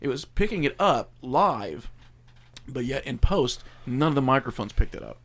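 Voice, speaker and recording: A man's voice: mid-range voice, very animated, normal speed, husky. A man hosting a podcast, telling his own eerie studio story in a loose, rambling way. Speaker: podcast host. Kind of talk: casual chat.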